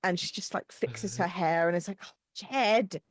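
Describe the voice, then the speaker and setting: A woman's voice: fairly low pitch, level tone, brisk, no echo, studio quality. A woman playing in a tabletop game, chatting casually and playfully with frequent laughs. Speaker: player.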